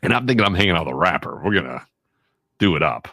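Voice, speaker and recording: Chicago guy on a podcast, real low voice, dry close sound, acting out his own stories. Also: fast, dry recording. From Chicago, USA. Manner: animated, self-mocking, acts out quotes. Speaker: guest, radio and voiceover artist. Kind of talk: casual podcast storytelling.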